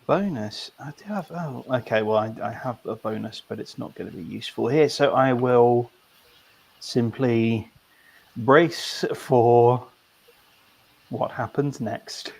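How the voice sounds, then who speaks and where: Slow, gravelly man thinking aloud. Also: medium pitch. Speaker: player. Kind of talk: tabletop game play.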